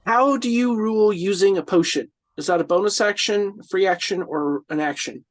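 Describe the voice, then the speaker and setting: A woman's voice: medium pitch, normal speed, no room sound, soft background music. A woman playing in a tabletop game, casual, swearing and laughing as she checks her rules. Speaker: player.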